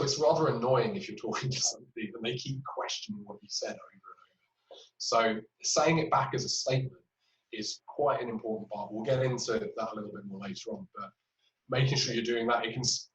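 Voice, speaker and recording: A man teaching clinical communication skills in a webinar, explaining with patient examples and frequent fillers. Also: medium pitch. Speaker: clinical trainer. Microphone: webinar recording. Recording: roomy, distant, dull audio.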